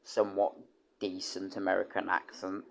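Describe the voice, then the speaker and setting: A man's voice: sits low, completely flat delivery, moderate pace, creaky. A young British man streaming, chatting casually and rambling with many restarts and casual swearing. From United Kingdom. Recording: dull lo-fi stream audio.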